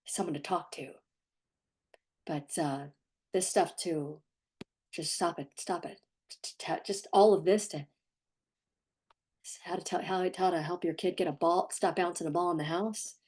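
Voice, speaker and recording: A woman's voice: fairly low pitch, steady tone, moderate pace, pauses often, darkish tone. Firm middle-aged woman parenting coach. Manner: firm, emphatic, repeats herself. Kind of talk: direct-to-camera advice talk.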